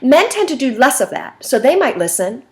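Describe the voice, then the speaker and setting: A woman's voice: sits high, big pitch swings, normal speed. Woman teacher explaining stuff in a lecture video, chatty, lots of ums, voice bounces up and down. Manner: conversational, with fillers and slide references. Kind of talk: recorded lecture.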